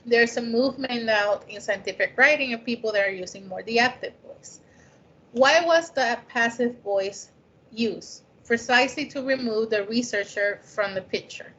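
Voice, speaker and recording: A woman whose first language isn't English lectures conversationally on scientific writing, often checking in with "right?". Her voice is fairly high and fairly bright, at a moderate pace. The recording is dull and lo-fi.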